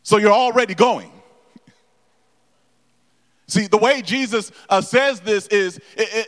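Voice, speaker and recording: A man's voice: high voice, a bit bright. A man preaching a sermon to his congregation, stumbling and repeating words as he explains scripture and asks the room questions. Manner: halting with many repeated words and fillers, addresses the congregation directly. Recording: long echo of a large hall.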